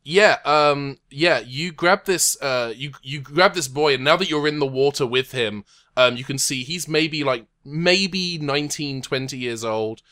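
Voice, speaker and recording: A man's voice: fairly high pitch, sharp tone. A man narrating and ruling as game master of a tabletop game, rambling and hesitant, recorded remotely from home. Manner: rambling, hesitant, quick to laugh. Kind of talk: running a tabletop game over a call.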